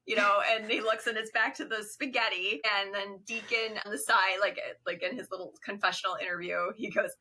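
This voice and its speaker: A young woman co-hosting a podcast, her voice bright and crisp at a middling pitch. She retells scenes in casual chat, laughing as she acts out characters' lines in sudden high bursts. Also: steady tone, moderate pace, few pauses. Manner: storytelling, laughs while acting out quotes in high squeaky bursts. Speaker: podcast co-host. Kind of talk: casual chat recapping a film.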